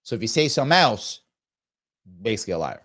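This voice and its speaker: A man's voice: fairly low pitch, big pitch swings, quick pace, fairly bright tone. A man hosting a live reaction show, commenting on a clip in a sarcastic, mocking way.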